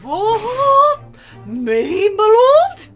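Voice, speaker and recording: Cheeky young street-vendor girl, squeaky and loud, put on by a woman streamer. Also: animated, measured pace, faint music behind, full character voice. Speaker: game streamer. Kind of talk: reading game dialogue aloud.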